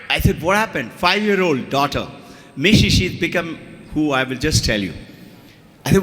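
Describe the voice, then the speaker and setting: A man's voice: a little high, animated, a little slow, long pauses, a bit bright. Older Indian man telling stories in a hall. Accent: Indian English. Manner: storytelling, acts out quoted voices. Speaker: school head addressing parents. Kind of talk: anecdotal speech to an audience. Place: school hall. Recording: reverberant hall.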